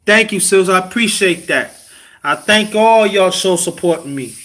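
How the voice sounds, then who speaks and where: A man with a high, bright voice hosts a casual livestream and lectures his viewers about family and marriage. He talks in a preachy way, sometimes sinking to a hushed whisper to stress a point. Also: normal speed. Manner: preachy, drops to whispers for emphasis. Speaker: livestream host.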